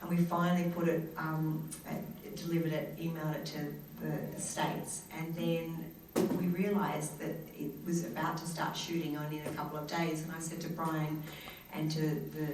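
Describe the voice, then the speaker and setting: Australian actress, lively panel storyteller, lowish voice, heard from far off in a very echoey hall. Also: female voice, normal speed. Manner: animated, acts out quoted voices, laughs often. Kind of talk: anecdotal storytelling to an audience.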